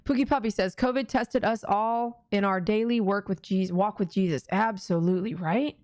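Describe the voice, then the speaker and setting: A middle-aged woman with a Texan accent hosts a casual prayer livestream from home. She chats loosely with her viewers and acts out her own inner voice. Her voice sits at an ordinary pitch and sounds dry and close. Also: normal speed, darkish tone, dry recording. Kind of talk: casual live-stream talk.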